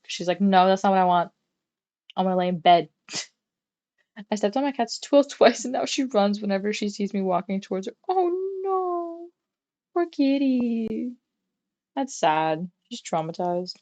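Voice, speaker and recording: Speaking from her bedroom on a livestream, a young adult woman chats casually and rambles, swearing every so often. Her voice sits in the mid-range with a slightly mellow quality.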